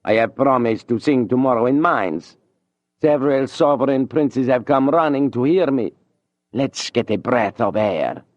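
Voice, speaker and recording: A man voicing a flamboyant male Italian opera singer, with a slow, theatrical, drawn-out delivery. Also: medium pitch, lively intonation, no echo, lo-fi sound, pitched above the performer's own voice, natural voice. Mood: dramatic.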